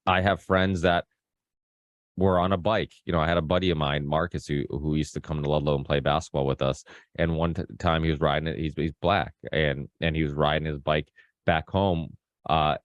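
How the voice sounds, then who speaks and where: This podcast host has a rumbling low voice, recorded at studio quality without echo. His talk is loose and rambling, full of restarts, and he raises his voice to play the people he quotes.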